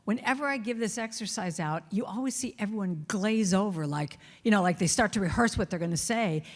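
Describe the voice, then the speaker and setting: A woman's voice: mid-range voice, fairly quick. Self-mocking woman telling stories in a hall. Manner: lively, self-mocking storytelling that acts out her inner voice. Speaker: guest speaker. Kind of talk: storytelling talk to a congregation. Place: large reverberant church hall. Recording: long hall reverb.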